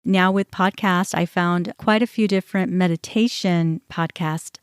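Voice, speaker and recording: Candid lower-voiced woman podcaster. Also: fairly even intonation, measured pace, clear, resonant tone, no room sound, studio quality. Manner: candid, conversational, many "you know" and "like" fillers. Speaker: podcast host. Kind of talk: personal storytelling monologue.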